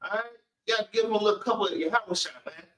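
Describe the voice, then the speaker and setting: High, bright-voiced man teaching a Bible class. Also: fast. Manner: emphatic, calls everyone man, urges reading on. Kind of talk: preaching commentary on scripture. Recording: echoey room, far from the mic.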